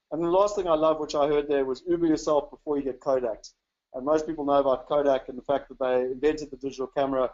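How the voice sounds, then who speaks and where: A man's voice: fairly high pitch, a little mellow, highs cut off. A South African man from South Africa giving a casual, chatty webinar talk, upbeat and full of "you know" fillers. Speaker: webinar presenter.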